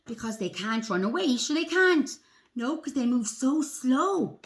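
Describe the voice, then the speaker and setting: A woman leading a circle time lesson for young children, talking in an animated, sing-song way. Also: high-pitched, unhurried, slight background noise. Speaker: preschool teacher.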